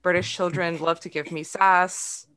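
Woman, casual chat, bright tone, animated, laughs a lot. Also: on the low side, unhurried, smooth. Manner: laughs often, animated storytelling.

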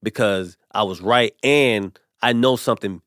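Low-voiced man telling a story. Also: measured pace, no echo, studio quality. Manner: animated storyteller acting out quotes. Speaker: comedian guest. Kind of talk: casual storytelling.

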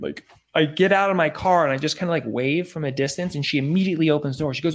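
Animated storytelling man, slightly high voice. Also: very fast, few pauses. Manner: animated, acts out quotes, frequent "like" and swearing. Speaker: former celebrity photographer. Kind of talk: casual storytelling.

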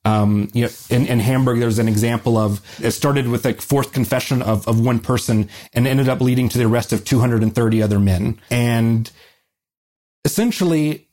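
A man with a warm, mellow voice speaks earnestly in a casual interview. He explains history with plenty of fillers and self-corrections, never rushing to sound polished. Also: medium pitch. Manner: earnest, many fillers and restarts. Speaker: guest historian. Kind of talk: conversational interview answers.

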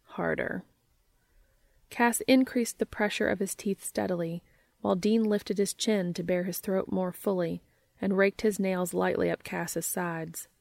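Woman reading a story out loud, low gravelly voice, steady and even, dry close sound. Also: moderate pace, no echo. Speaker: reader.

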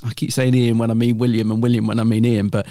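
A man's voice: mid-range voice, level tone, fast, warm tone, dry recording, studio quality. A man co-hosting a podcast, chatting casually and rambling a little, with many fillers and restarts. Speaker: podcast co-host.

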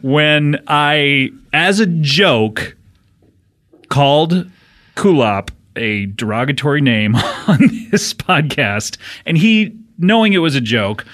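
A man's voice: fairly high pitch, lively intonation, slow, a bit bright. A man hosting a casual comedy podcast, telling rambling stories and laughing often. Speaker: podcast host.

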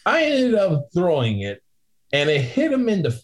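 A man's voice: high-pitched, moderate pace. A man in casual podcast chat, telling a story with lots of energy and acting out the voices of the people in it. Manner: animated storyteller, acts out voices in his anecdotes. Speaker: guest telling a bouncer story.

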